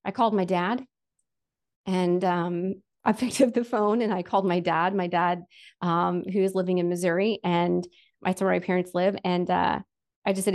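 A woman's voice: lowish voice, little pitch movement, moderate pace, darkish tone. A woman sharing a personal faith story in a candid, chatty way, full of fillers like "like" and "um", earnest and emotional with touches of self-deprecating humor.

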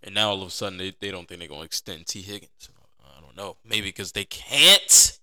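A man's voice: deep voice, expressive, brisk, sharp tone, smooth. A man hosting a sports podcast, talking casually and with energy, often repeating himself for emphasis. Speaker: podcast host.

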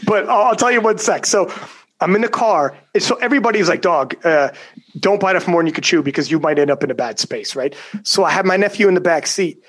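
A man's voice: high voice, fairly quick, fairly bright tone. A young adult man telling a personal story in casual chat, emphatic and profane, often acting out what others said. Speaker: guest storyteller.

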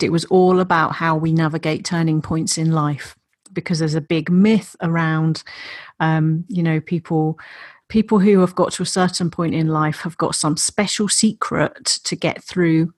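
A woman hosts an interview, setting up her question slowly and thoughtfully. Her voice is a little low and husky. The recording is dry and close. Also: no echo. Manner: thoughtful, searching for words. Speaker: host.

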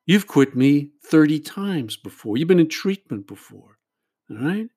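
Man doing the bottle as a patient, mocking tempter, low warm voice. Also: sing-song, measured pace, slightly rough, heavily acted. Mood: taunting. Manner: mocking, coaxing, repeats tag questions. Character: taunting, patient voice of the bottle, an addiction personified.

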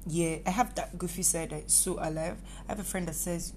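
A woman's voice: fairly low pitch, fairly even intonation, brisk, background noise. Goofy rambling woman. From Nigeria. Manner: goofy, rambling, self-correcting. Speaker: podcast host. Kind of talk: casual personal monologue.

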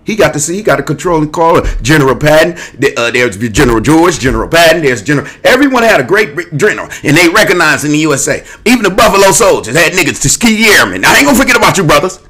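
A man hosting his own show talks fast with hardly any pauses, his fairly high, husky voice sounding bright and forceful with big pitch swings. Addressing the camera, he rambles digressively and restlessly across topics in a streetwise, casual style, cursing as he goes.

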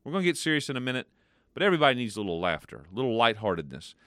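A man co-hosting a devotional show, telling jokes in a playful, animated way. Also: mid-range voice, very fast, no echo, clean studio sound. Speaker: co-host. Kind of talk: casual chat, telling jokes.

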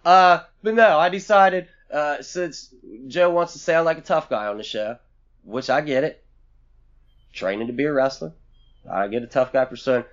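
A man's voice: on the high side, moderate pace, muffled recording. A man co-hosting a casual podcast chat, blunt and profane, rambling from one thought to the next. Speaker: podcast co-host.

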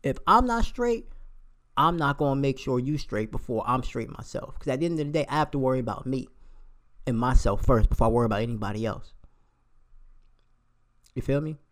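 A man's voice: medium pitch, lively intonation, brisk, pauses often, a bit bright. Profane ranting young man. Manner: heated, profane, rhetorical questions. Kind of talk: casual rant.

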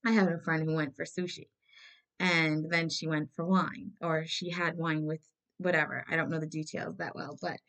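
A woman with a low, gravelly voice gives a casual tarot reading straight to her viewers. She is blunt and swears freely. She hammers home her advice by saying it again and again. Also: flat delivery, moderate pace, a bit bright. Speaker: tarot reader.

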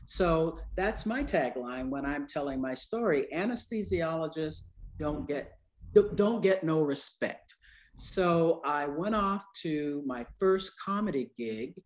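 A woman in her sixties, an anesthesiologist and speaker, telling stories in an interview with humor and lively quoted voices. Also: low-pitched, slow pace. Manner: lively, acts out quoted people with voice changes; humorous, conversational. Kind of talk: storytelling in an interview.

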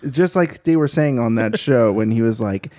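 A man's voice: medium pitch, normal speed. A man co-hosting a podcast, joking in casual chat with friends. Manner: joking, animated, mimics clips. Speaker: podcast co-host.

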